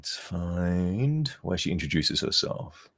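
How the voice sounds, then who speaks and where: A man's voice: low voice, very animated, slow pace, a bit bright. A tired man streaming as a game modder, rambling and chuckling as he reads chat aloud, sometimes turned away from his desk mic. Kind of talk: casual live-stream chat.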